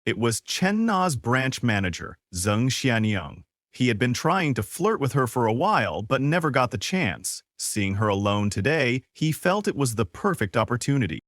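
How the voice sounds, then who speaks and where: A man's voice: mid-range voice, dry recording, clean studio sound. A man narrating a recap of a comic story in a scripted storytelling style, reading the characters' lines as part of the telling. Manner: lively storytelling, quoting characters' lines in passing.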